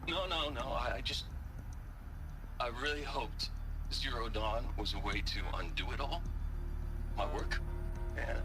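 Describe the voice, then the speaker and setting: An actor voicing a remorseful male scientist in a video game, speaking haltingly and repeating words. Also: mid-range voice, natural voice. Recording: game audio with noise behind.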